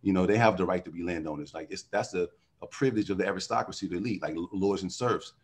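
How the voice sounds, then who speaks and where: Husky low-voiced man musing animatedly. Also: quick pace. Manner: animated, philosophical storyteller who riffs on word origins. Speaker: podcast guest. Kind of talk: casual podcast conversation.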